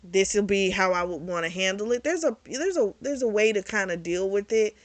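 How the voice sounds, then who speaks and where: A woman's voice: medium pitch, fairly quick, no room sound. Blunt woman recapping a book. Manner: animated, blunt, swears freely. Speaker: book club channel host. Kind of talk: casual book review recap.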